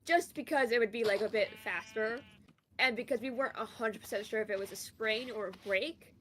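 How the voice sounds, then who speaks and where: Young woman, from Canada, casual gaming chat, rambling with fillers, slightly high voice, faint background hiss. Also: brisk, a bit bright. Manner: rambling storyteller, many fillers. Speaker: streamer.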